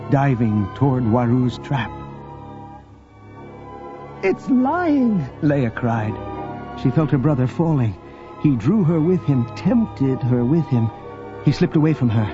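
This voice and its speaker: A man reads an audiobook in a steady, expressive storytelling voice. The audio is dull and lo-fi. Music plays underneath the narration. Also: mid-range voice, measured pace. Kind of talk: scripted narration.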